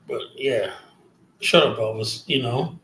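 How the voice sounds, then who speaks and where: Brief: New man, livestream host, loose profane rant, mocking asides, mid-pitched voice. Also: unhurried, a bit bright. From South Jamaica, Queens, New York.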